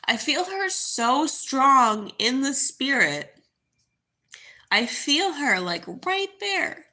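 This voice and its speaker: Slow-talking, bright-voiced grieving woman. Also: high voice, sing-song. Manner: halting, grieving, full of fillers and restarts. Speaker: vlogger. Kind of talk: casual spoken monologue.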